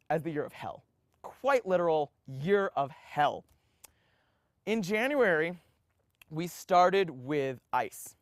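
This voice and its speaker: A young man in his twenties telling his life story in an interview, animated and full of restarts, acting out the voices of others. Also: medium pitch, no room sound, clean studio sound. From United States. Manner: animated, acts out quoted voices, frequent restarts.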